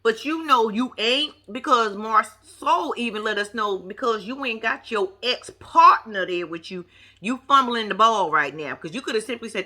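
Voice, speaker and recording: Sassy, animated woman vlogger. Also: fairly high pitch, moderate pace. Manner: animated, sassy, slangy, talks to the screen. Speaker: vlogger reviewing a reality show. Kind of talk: casual commentary.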